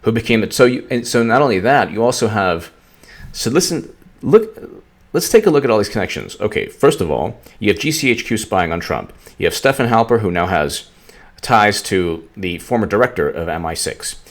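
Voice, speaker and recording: A man's voice: fairly low pitch, lively intonation, brisk. A man hosting a political commentary vlog, rambling and sarcastic, often stumbling and restarting his sentences.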